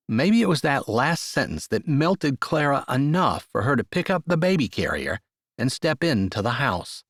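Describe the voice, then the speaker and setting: Steady male audiobook narrator, dry studio. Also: medium pitch, breathy edge, dry recording. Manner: steady, measured storytelling. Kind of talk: scripted narration.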